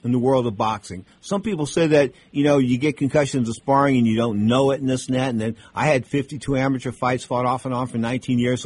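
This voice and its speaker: A male radio host telling rambling stories during an interview, with lots of restarts. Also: mid-range voice. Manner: rambling anecdotes with many restarts. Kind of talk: casual storytelling interview.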